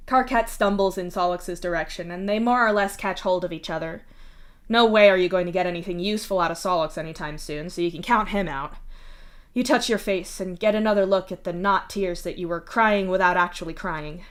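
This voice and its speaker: A woman narrating a fanfiction chapter aloud in a steady, even voice. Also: on the low side, brisk. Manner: steady second-person narration. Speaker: fanfiction reader.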